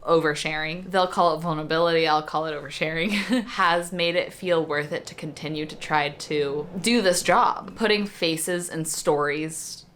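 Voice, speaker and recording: Chatty, emotional woman vlogger, slightly low voice. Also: moderate pace, few pauses. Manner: chatty and openly emotional, voice swinging high when excited. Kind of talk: casual vlog chat. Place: hotel room. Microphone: camera sitting on the bed.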